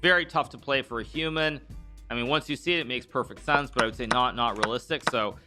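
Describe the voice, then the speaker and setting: Over background music, a man in his thirties with a medium-pitched voice gives casual live-stream commentary on chess games. He thinks out loud with frequent restarts and fillers, and quickly reads out thanks to donors.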